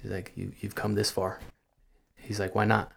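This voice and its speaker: A man telling a personal faith story in casual chat, earnest and halting, often repeating his words. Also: lowish voice, monotone, creaky, a little hiss or hum. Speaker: guest sharing testimony.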